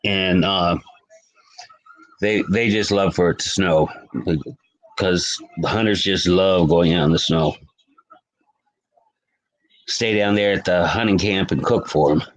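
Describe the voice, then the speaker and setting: A man's voice: low voice, slow, pauses often, rough recording. Chatty man greeting his live-stream viewers. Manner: chatty, greets viewers by name, rambling with restarts. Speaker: livestream host. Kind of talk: casual live-stream chat reading comments.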